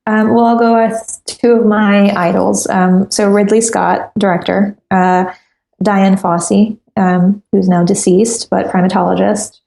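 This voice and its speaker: A woman's voice: medium pitch, little pitch movement, a little slow, vocal fry, dark tone, echoey room. A woman guest on a podcast interview, talking earnestly and resolutely with many ums.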